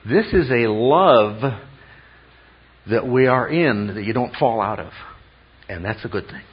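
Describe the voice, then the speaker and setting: Husky-voiced male pastor preaching. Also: medium pitch, animated, unhurried. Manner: teacherly, asks the congregation rhetorical questions. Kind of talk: expository sermon. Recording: dull lo-fi sound.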